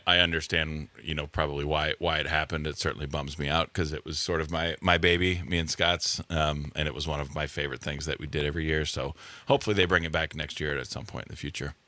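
A man in his forties speaks as a guest on a radio show, pausing and restarting his sentences as he thinks. His voice sits extremely low yet comes across bright and forceful. The studio sound is dry and close. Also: no echo. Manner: relaxed, halting, many restarts and fillers. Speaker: radio guest, music venue owner. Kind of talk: casual radio interview.

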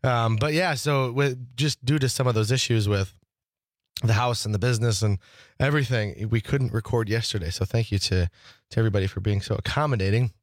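A man's voice: medium pitch, brisk, no echo, clean studio sound. A man from Wisconsin hosting a talk radio show, chatting casually and rambling with lots of restarts. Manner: rambling, with many restarts and fillers.

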